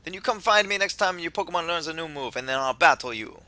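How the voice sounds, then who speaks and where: A loud, laid-back island professor from a video game, as a man puts him on. He swings high and low with a bright, bouncy ring and keeps tossing in a friendly "yeah?". The delivery is casual and reads game text out loud. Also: expressive, moderate pace, no room sound. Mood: breezy. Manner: breezy, loud, ends lines with "yeah?". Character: upbeat island professor, male, middle-aged, laid-back. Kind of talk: voicing game dialogue in a let's play.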